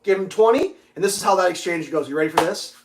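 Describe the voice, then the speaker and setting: A man hosting a casual livestream, telling a story with lots of swearing and loudly acting out the dialogue. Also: high-pitched, lively intonation, quick pace, background noise. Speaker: livestream host.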